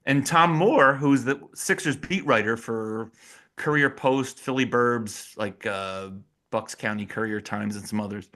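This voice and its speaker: A man who is a guest analyst on a sports podcast, telling stories in a lively, casual way and laughing often. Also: medium pitch, measured pace. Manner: animated storyteller, laughs often.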